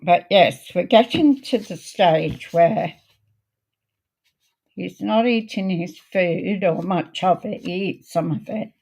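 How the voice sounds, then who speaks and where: Slow, husky woman crafting. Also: on the low side, darkish tone. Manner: chatty, homely, unhurried, talks while working. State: croaky voice. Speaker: craft video host. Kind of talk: casual crafting demo chat.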